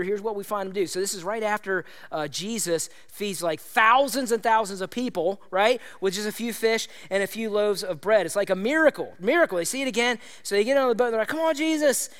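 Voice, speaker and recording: A man with a high voice preaches in a conversational, animated way. He acts out quoted lines with vivid voices and keeps checking in with the congregation. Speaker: pastor. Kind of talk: sermon.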